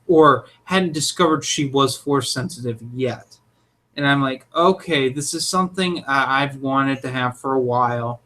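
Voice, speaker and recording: A young man co-hosting a casual chat, opinionated and jokey, with animated delivery. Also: mid-range voice. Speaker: podcast co-host.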